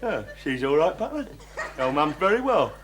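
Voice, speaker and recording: An actor playing a sarcastic, barking bus depot inspector, in a 1970s TV sitcom with audience laughter. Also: male voice, on the high side, sing-song, normal speed. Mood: sneering. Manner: sneering, mocking, barking. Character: sarcastic middle-aged male bus inspector.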